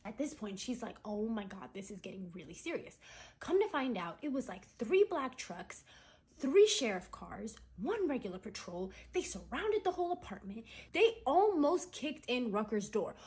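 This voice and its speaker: A woman's voice: high-pitched, sing-song, normal speed, darkish tone. A young adult woman casually retelling a dramatic true story, chatty and full of "like" and "right?" asides. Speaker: storytime creator.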